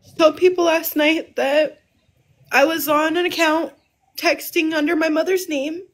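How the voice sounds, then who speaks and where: Woman, high voice, slow halting delivery, emotional, livestream guest. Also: little pitch movement. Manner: halting, emotional, restarts often. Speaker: guest telling a family story.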